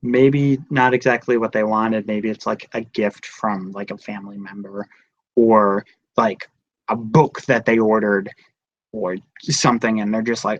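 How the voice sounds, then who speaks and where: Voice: medium pitch, fairly even intonation, unhurried, highs cut off. A young adult host chatting casually on a live stream at home, telling rambling stories in a chatty way. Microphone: device camera mic close up.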